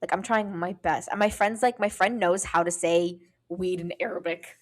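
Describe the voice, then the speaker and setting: A woman's voice: on the low side, normal speed. Woman podcast cohost telling a story, swears a lot, does everyone's lines. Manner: animated storytelling, acting out other people's lines, frequent swearing. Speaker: podcast co-host. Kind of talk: casual chat.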